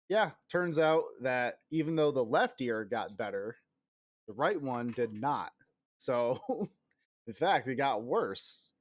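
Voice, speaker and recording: A man's voice: mid-range voice, dry recording, studio quality. A man in his thirties chatting casually on a game stream. He rambles, mocks himself and swears, and still coughs now and then while getting over an illness. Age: 30s. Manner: rambling, self-mocking, profane.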